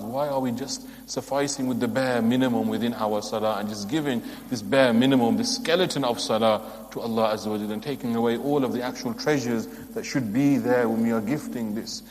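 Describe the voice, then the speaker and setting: A man's voice: mid-range voice, fairly even intonation, brisk, few pauses. A man giving a religious lesson, earnest and emphatic, asking his listeners pointed rhetorical questions. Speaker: religious teacher. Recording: long hall reverb.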